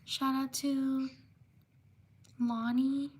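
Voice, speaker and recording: Female livestream host, high and flat delivery, unhurried shout-out reading. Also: breathy edge. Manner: slow, steady listing of names with quick apologies. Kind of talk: live stream shout-outs.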